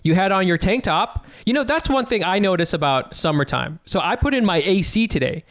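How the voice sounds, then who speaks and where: A man's voice: sits high, animated, fairly quick, fairly bright tone, no echo, studio quality. A man co-hosting a comedy podcast, rambling through silly stories in casual chat. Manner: rambling, silly, bursts into laughter. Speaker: podcast co-host.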